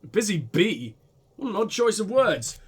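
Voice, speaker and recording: Impatient detective, blunt and probing, read by a man; animated delivery. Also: high-pitched, normal speed, breathy edge, exaggerated voice. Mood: pressing, impatient.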